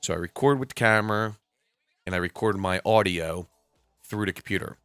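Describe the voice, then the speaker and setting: A man's voice: sits low, fairly quick, a bit bright, clean tone, no room sound, clean studio sound. A man in his forties talking casually and rambling on a live stream, swearing now and then. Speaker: reptile keeper and live streamer. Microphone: computer mic at a desk. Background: faint background music.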